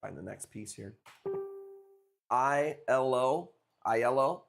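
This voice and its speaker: A man's voice: mid-range voice, takes it slowly, creaky, fairly bright tone, soft background music. A young man from the Chicago area chatting loosely with viewers during a live coral auction stream, swearing casually as he talks. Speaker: livestream coral seller. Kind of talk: casual livestream chat.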